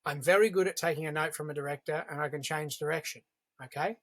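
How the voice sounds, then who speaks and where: Measured, emphatic actor. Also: male voice, fairly high pitch, fairly even intonation, fairly bright tone. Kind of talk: casual roundtable chat.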